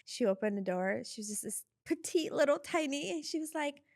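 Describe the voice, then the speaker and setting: A woman guest telling stories in a casual interview, animated and often laughing as she acts out what people said. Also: sits high, fairly quick, dry recording, clean studio sound. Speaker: guest, reality TV producer.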